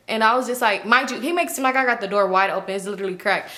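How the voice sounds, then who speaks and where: A young woman casually telling a storytime in slangy, animated talk, acting out what people said. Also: fairly high pitch, fast, few pauses. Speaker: storytime vlogger.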